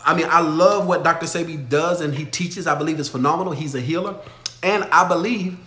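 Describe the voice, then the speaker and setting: A man hosting a motivational livestream Q&A, talking emphatically, swinging from loud exhortation to low storytelling. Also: echoey room. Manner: emphatic, preachy, shifts from shouting to low storytelling. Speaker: livestream host answering viewer questions.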